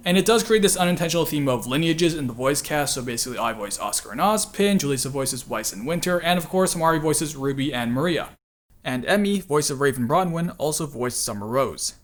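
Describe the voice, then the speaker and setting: With a slightly high, expressive voice and a brisk pace, this man hosts a laid-back video commentary. The channel host and voice actor chatters on, jokes at his own expense, laughs often, and drops lots of filler words.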